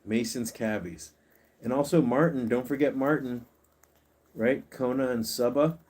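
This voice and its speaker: A man's voice: medium pitch, a little slow, darkish tone. A man hosting a casual livestream, coaxing his pets and chatting with viewers. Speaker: pet channel host.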